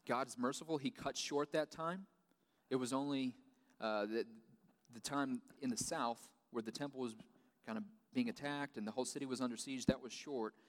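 A man delivers a sermon in a relaxed, chatty manner, dropping in casual asides as he explains. His voice sits at an ordinary middle pitch. The sound carries a long reverb from a large hall. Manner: conversational preaching with casual asides. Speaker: pastor.

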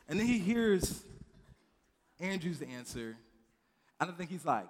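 A man delivers a relaxed, conversational sermon to a youth group, repeating and restarting words as he goes. He acts out quotes and asides in lively little voices. His voice carries a long hall reverb. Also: on the high side, moderate pace. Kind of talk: casual sermon.

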